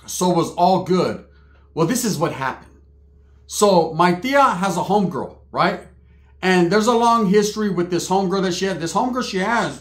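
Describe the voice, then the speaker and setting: Man, comic storyteller, crude slangy delivery, higher register. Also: animated, moderate pace, a bit bright. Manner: slangy, crude, laughing asides. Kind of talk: comedic storytelling. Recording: roomy echo.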